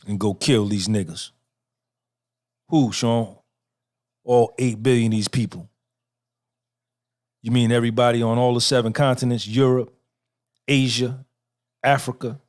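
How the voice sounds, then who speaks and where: A middle-aged man hosting a podcast, giving a profane, repetitive motivational monologue and talking back and forth with himself. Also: medium pitch. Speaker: podcast host.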